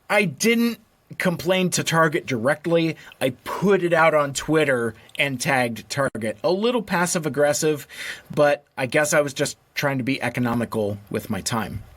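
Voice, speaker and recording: A man talks through his story on his own podcast in a loose, rambling solo chat, restarting his sentences as he goes. His voice sits a little high for a man, and he is wry and exasperated, sliding into a mock-polite tone whenever he reads messages aloud. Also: fairly bright tone. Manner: rambling with restarts and filler words. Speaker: podcast host.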